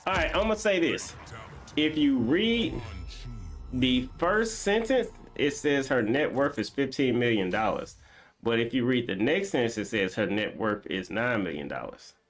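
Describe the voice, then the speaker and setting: A man's voice: mid-range voice, big pitch swings, normal speed. A man streaming a game, chatting casually and reading viewer comments aloud as he banters with them. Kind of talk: casual live-stream chat.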